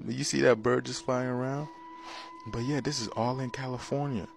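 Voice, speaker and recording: A man vlogging casually to viewers, excited and drawing out his words. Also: medium pitch, creaky, slight background noise. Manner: excited, drawn-out speech. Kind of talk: casual vlog talk.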